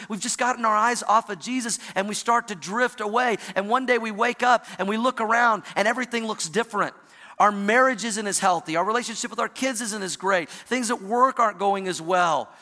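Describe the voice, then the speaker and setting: A man preaching a sermon as pastor of his church, rising and then dropping low and quiet for emphasis. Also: big-room sound. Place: church sanctuary.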